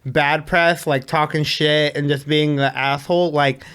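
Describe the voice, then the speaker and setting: A man's voice: fairly high pitch, steady tone, unhurried, fairly bright tone, smooth. A young man, a guest on a podcast, chatting casually in a laid-back way with lots of fillers and laughs. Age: young adult. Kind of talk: casual chat.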